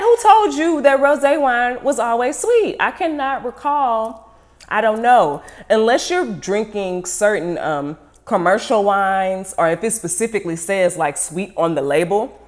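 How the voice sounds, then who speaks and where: Chatty woman, lowish voice. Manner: chatty, playful, self-teasing. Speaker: wine vlogger. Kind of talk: casual unboxing and tasting chat.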